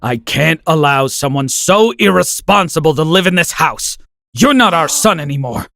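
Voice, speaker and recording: An unforgiving, furious father from an animated story, laying down the law in slow, heavy words, as a male narrator acts him out. His voice rises and falls sharply. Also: a little high, gravelly, no room sound, full character voice. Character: stern angry father, harsh and unforgiving.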